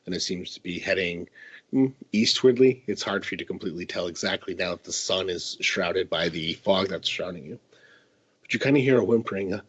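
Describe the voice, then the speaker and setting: A man's voice: deep voice, brisk, breathy edge. A man running a tabletop horror game, narrating scenes in a hesitant, descriptive way. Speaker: game master.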